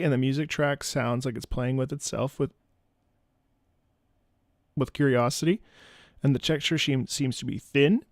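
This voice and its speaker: A man's voice: medium pitch, darkish tone, no echo, studio quality. A man hosting a casual reaction video, chatting and reading out viewer requests at home.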